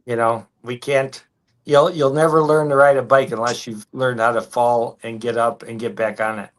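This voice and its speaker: Man, hypnotherapist, relaxed storyteller, mid pitch. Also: normal speed. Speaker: hypnotherapist and reader. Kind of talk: casual livestream chat.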